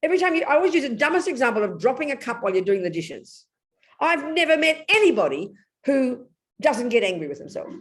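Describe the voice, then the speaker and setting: An older English woman teaches with blunt, lively energy, her pitch leaping and falling as she tells her story. She shifts quickly from quiet asides to sudden loud outbursts. Her talk is direct and unpolished. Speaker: Buddhist nun teacher. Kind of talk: Dharma talk.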